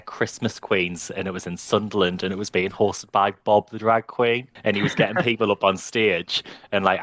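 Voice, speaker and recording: A man's voice: lowish voice, fairly bright tone, no room sound. A man co-hosting a podcast, telling a funny story playfully and laughing along. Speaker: podcast co-host. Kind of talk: casual anecdote telling.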